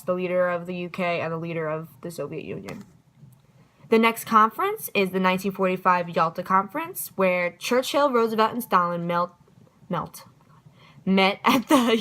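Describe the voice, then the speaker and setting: A young woman talks through a history review in a loose, casual way. Her voice is bright and forward. She is chatty and pokes fun at herself when she trips over her words. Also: lowish voice, poor audio. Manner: chatty and self-deprecating, stumbles over words. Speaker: student giving a history review.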